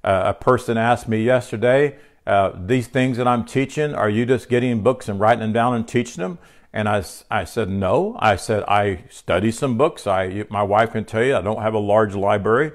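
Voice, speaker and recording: Older man, preacher, sermon, fairly low voice, earnest, halting, repeats words.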